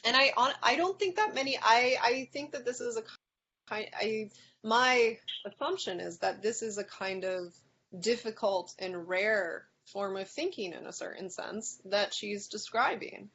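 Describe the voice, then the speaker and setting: A woman leading a reading group discussion, thinking aloud with many pauses and restarts, sometimes reading passages aloud. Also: fairly high pitch, a bit bright, husky, dull audio. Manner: thoughtful, hesitant with many ums and restarts.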